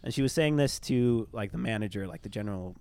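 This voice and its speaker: A man's voice: lowish voice, fast talker, a little mellow, clear, resonant tone, no echo. A young man telling a ghost story in casual podcast chat, rambling, with lots of fillers. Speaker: storyteller, former tour guide.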